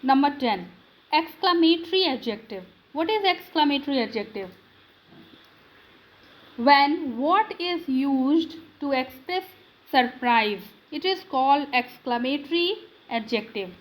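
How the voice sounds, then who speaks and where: A woman's voice: high voice, lively intonation, measured pace, rough recording. A woman teaching a grammar lesson, drilling students with questions and answers in non-native English.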